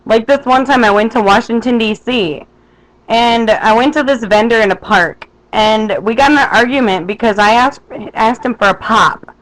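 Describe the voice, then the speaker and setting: Casual Minnesotan vlogger, mid-pitched and animated, recorded on a home webcam. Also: moderate pace, low-quality recording. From west central Minnesota. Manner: chatty, animated storytelling with playful asides. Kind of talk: casual vlog chat to a webcam. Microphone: webcam microphone.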